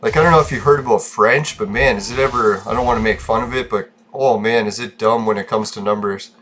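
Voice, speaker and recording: A man's voice: lowish voice, fast talker, fairly bright tone, a little hiss or hum. A man hosting a gaming channel, chatting casually and rambling, swearing freely and laughing often.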